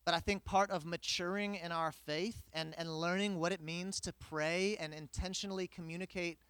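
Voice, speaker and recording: Lively male preacher with a high voice, recorded dry and close; tells stories with humor from the pulpit. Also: moderate pace, clear, resonant tone, no echo. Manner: animated storytelling with humor. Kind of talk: sermon with personal story.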